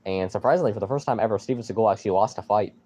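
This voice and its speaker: A young man streaming live, rambling excitedly and with mild swearing as he reacts to a football game. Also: lowish voice, rapid-fire.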